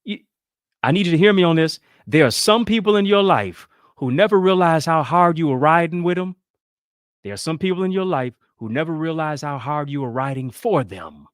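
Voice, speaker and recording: A man delivers a motivational talk in a preaching style, his pitch swinging widely from line to line. He keeps checking in with his listeners through quick questions and call-and-response. The sound is close and dry, with no room around it. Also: fairly bright tone, no echo. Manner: call-and-response, rhetorical questions, playful quoted voices. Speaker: motivational speaker.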